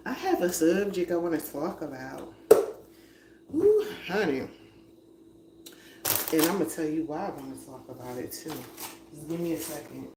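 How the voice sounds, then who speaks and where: A woman with a deep voice, talking a little fast, livestreams from her home kitchen as a cooking vlogger, chatting casually with viewers and laughing as she cooks and moves about. The room is echoey, her voice drifts off-mic, and the recording is noisy.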